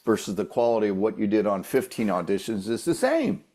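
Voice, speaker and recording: A man talking as a guest voice-over coach, giving casual advice in an animated way that acts out quoted voices. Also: fairly low pitch, brisk.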